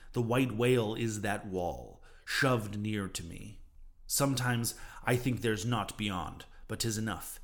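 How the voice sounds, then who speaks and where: A man voicing an obsessed, vengeful old male sea captain in a fervent, declaiming way. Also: fairly low pitch.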